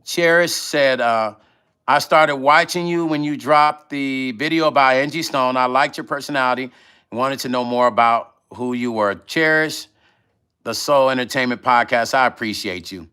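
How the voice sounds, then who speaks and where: Eating on camera, this middle-aged livestream vlog host chats loosely and reads viewer comments aloud. His mid-range voice moves at a moderate pace and sounds pushed, bright, clear and resonant. When emotion rises, he often says things over again.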